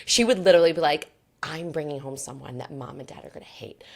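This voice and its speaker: A woman in her thirties, a comedian guest in a casual chat, telling expressive stories and quick to laugh. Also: low voice, creaky, a crowd in the background.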